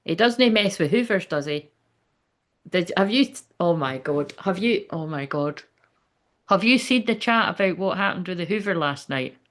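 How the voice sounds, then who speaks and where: A woman's voice: fairly low pitch, expressive, normal speed, fairly bright tone. Chatty woman reading live comments. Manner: rambling, candid, swears freely, often asks "do you know what I mean". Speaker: medium hosting a live stream. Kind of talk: casual live-stream chat reading viewer comments.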